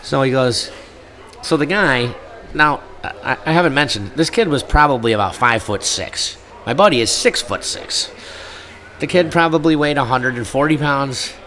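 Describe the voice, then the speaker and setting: A man's voice: mid-range voice, expressive, moderate pace, fairly bright tone. A man from the Buffalo area telling a rowdy tailgating story in casual chat, laughing and acting out the quotes.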